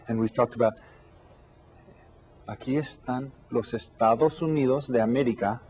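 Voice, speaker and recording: A man teaching an elementary Spanish lesson to children, with slow, clear, patient speech that switches between English and Spanish. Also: mid-range voice, lively intonation, darkish tone.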